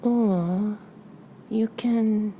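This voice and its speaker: A woman leading a guided meditation in a soft voice that often drops to a breathy whisper, repeating short phrases and calm cues with long pauses in between. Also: medium pitch, dull audio, slight background noise. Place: live session in front of a small audience.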